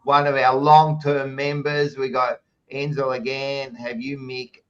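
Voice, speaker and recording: A man's voice: mid-range voice, flat delivery, measured pace, muffled recording. An Australian man hosting a podcast, chatting casually and reading out live chat messages with jokey, blokey banter, calling everyone mate. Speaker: podcast host.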